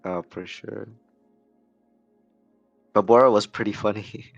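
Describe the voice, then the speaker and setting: A man co-hosting a trading stream in casual chat, slow and measured, chuckling often. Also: on the low side, fairly even intonation, gravelly, muffled recording, soft background music.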